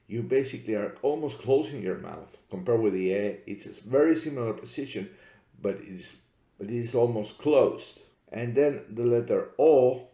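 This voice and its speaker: A man's voice: medium pitch, warm tone. A man giving a methodical explanatory lecture, spelling out letters one by one. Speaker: teacher. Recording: echoey room.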